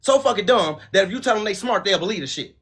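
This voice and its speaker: A man's voice: high-pitched, animated, quick pace, a bit bright, slightly rough. A man hosting a podcast, ranting in a profane, aggressive and scornful way. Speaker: podcast host. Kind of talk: heated opinion rant.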